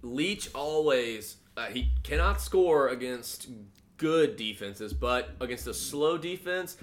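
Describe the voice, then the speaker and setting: A man's voice: mid-range voice, lively intonation, slow. Man, podcast co-host, casual sports talk, blunt and sure of himself. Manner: blunt, confident picks. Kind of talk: casual sports betting chat.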